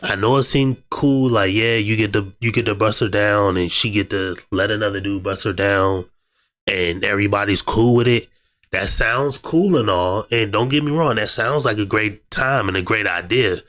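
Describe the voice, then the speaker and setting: Low-voiced man with a cold, chatting loosely. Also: normal speed, a bit bright. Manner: loose, slangy, talks straight to viewers. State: sick with a cold. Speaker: video reactor. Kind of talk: casual reaction commentary.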